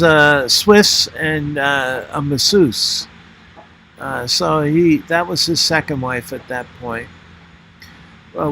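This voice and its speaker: An older man talking through old photographs and his memories, pausing often, with many fillers and restarts. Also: fairly high pitch, a bit bright, a little hiss or hum, poor audio. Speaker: former member narrating a history video. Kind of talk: unscripted spoken commentary over photos.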